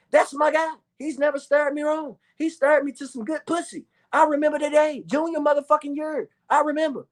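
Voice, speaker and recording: A man with a Louisville, Kentucky accent telling his own story in a profane, excitable monologue, acting out the other people's voices. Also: very high voice.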